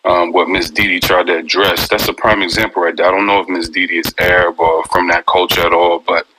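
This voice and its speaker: A man's voice: sits low, flat delivery, a little fast, pushed and bright, slight background noise, low-quality recording. A man calling into an audio room, hesitant with many "um"s, yet agreeing firmly with the speaker before him. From Connecticut. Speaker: caller. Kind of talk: call-in room comment.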